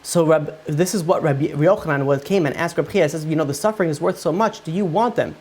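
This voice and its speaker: Rabbi retelling Talmud stories casually. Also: male voice, a little high, quick pace, darkish tone. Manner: casual and conversational, many fillers like "you know".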